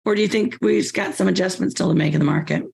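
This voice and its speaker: A woman hosting a podcast while getting over a cold, her voice scratchy and hoarse, talking in a chatty way with frequent repeated words. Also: fast talker, darkish tone. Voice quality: scratchy, squeaky voice. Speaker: podcast host.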